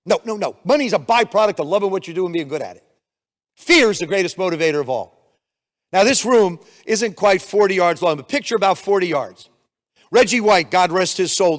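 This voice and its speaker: Energetic older man telling stories in a hall. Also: a little high. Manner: energetic storytelling with acted-out quotes. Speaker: keynote speaker. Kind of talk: motivational keynote speech. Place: conference room. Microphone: handheld mic. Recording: long reverb of a hall.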